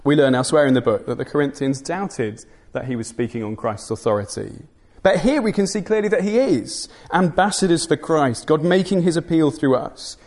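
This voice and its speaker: A man's voice: fairly high pitch, lively intonation, moderate pace, darkish tone. A man preaching a sermon, earnest and emphatic, with dry humorous asides.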